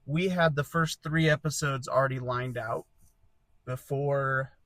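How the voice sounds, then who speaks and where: A man's voice: mid-range voice, fairly even intonation, unhurried, fairly bright tone, dry recording. A man co-hosting a podcast, chatting casually and joking, laughing often. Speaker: podcast co-host and story reader. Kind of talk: casual chat.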